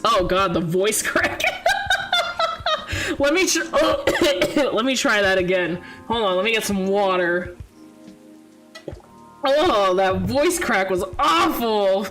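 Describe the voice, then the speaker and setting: A woman's voice: mid-range voice, big pitch swings, slow pace, long pauses, fairly bright tone, faint music behind. A woman streamer, playful and self-mocking, chatting over a game. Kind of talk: casual game stream commentary.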